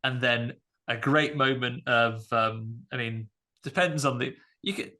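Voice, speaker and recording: A man's voice: medium pitch, measured pace, bright, forceful tone. A man hosting a podcast, chatting wryly in a loose, filler-heavy way. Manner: chatty, wry, many fillers. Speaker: podcast host. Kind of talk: casual chat.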